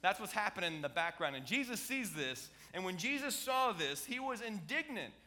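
Middle-aged male pastor, slightly high bright voice, playful animated sermon delivery in a church. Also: moderate pace. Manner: animated, playful, jokey preaching with audience asides. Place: church sanctuary.

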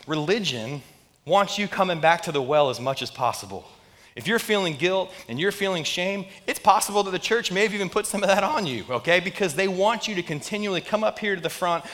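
A pastor preaching a sermon, retelling a story in a conversational, animated way with frequent restarts. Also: male voice, on the high side.

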